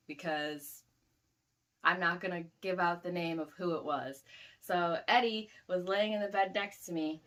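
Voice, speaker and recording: A woman's voice: fairly low pitch, bright, forceful tone. A woman in her twenties casually recounting a story, with loose, profane talk full of "like". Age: 20s. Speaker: vlogger.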